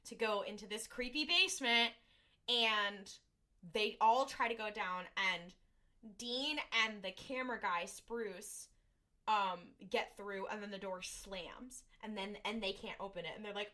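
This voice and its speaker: A young woman co-hosting a podcast, retelling a TV episode in a rambling, animated way, full of fillers and acted-out quotes. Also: medium pitch, measured pace. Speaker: podcast co-host. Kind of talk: casual chat recapping an episode.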